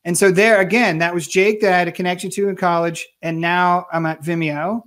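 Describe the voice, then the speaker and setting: High-voiced man telling lively stories. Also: a little fast. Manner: animated storyteller, acts out quoted voices. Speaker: guest. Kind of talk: casual storytelling interview.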